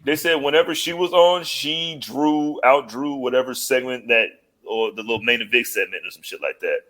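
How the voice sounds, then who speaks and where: A man's voice: medium pitch, normal speed, a bit bright. Joking man on a wrestling podcast. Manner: loose, joking, slangy, acts out quotes. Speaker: podcast co-host. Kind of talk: casual wrestling chat.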